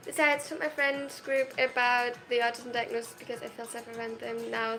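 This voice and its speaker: A woman's voice: on the high side, flat delivery, normal speed, a bit bright, soft background music. A 22-year-old woman from Germany, live-streaming at home and reading viewer comments aloud. She talks in a shy, self-conscious way, with hesitant restarts and nervous laughs.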